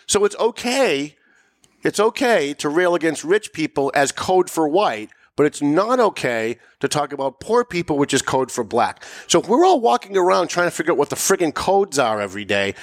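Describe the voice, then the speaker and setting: Emphatic man with a higher voice. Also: no room sound, clean studio sound. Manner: emphatic, rising to sharp mocking peaks. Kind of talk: political commentary chat.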